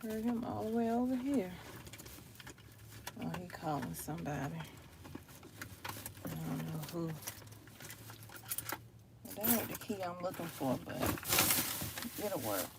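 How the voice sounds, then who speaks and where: A woman's voice: fairly low pitch, animated, measured pace, long pauses. A woman chatting to viewers on a live stream. She sounds tired and frustrated and talks loosely, first from her car and then inside a store, with her phone held up. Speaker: vlogger. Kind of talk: casual live-stream chat. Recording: phone recording with clear background noise.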